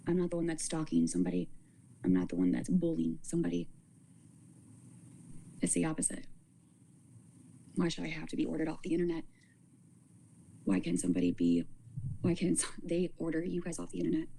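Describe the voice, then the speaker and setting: Woman livestreamer, casual rambling talk with halting restarts; low voice with a gravelly edge. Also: very animated, mellow, a little hiss or hum, rough recording. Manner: rambling, halting, repeats words.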